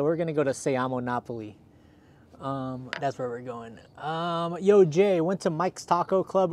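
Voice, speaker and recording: A chatty man from Southern California hosts a casual livestream outdoors, upbeat and thanking viewers one by one. He is slightly out of breath. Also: on the high side. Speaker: livestream host. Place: outdoors in cold weather.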